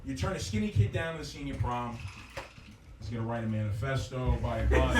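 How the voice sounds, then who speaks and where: High, lively man doing crude stand-up. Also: moderate pace, noisy background. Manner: crude, rambling, self-mocking. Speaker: stand-up comedian. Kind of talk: stand-up comedy set. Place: comedy club stage. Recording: roomy club sound from far off with crowd laughter.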